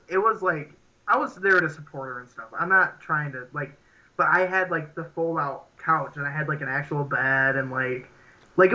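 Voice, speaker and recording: A man's voice: fairly high pitch, bright, forceful tone, dull audio. A young man co-hosting a podcast in casual chat, rambling and laughing with lots of filler words. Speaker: podcast co-host.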